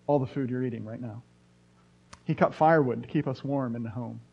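A man's voice: medium pitch, brisk, vocal fry, slightly rough. A middle-aged man, preaching a sermon and telling stories with rising bursts of emphasis. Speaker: pastor. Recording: dull lo-fi sound.

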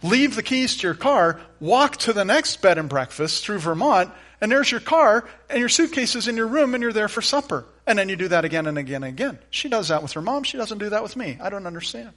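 Man, middle-aged, pastor, sermon, slightly high voice, earnest, loud-to-hushed swings. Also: lively intonation, a little fast, hardly any pauses. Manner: earnest, swings from loud emphatic lines to soft, hushed ones.

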